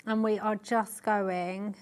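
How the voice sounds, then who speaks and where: A woman's voice: medium pitch, level tone, slow pace. A woman demonstrating hand sewing on a live TV show, explaining step by step with chatty asides. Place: TV studio.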